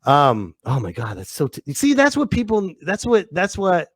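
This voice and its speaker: A man hosting a comedy podcast, reacting with quick exclamations and asking his guest questions. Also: high voice, wildly swooping pitch, slightly rough, no echo, clean studio sound. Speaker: podcast host. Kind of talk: casual interview chat.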